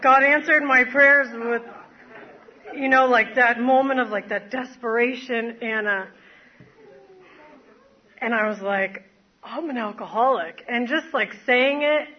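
A woman's voice: on the high side, slow pace, long pauses, highs cut off. A woman telling her recovery story to a group, rambling with many fillers and self-mocking laughs. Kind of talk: personal testimony to a group. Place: standing before an audience.

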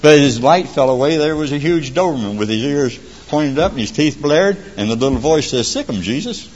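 A man's voice: on the high side, fairly quick, a little mellow, slight background noise. An older man, a folksy, joking storyteller speaking at a recovery meeting. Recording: dull echoey hall recording.

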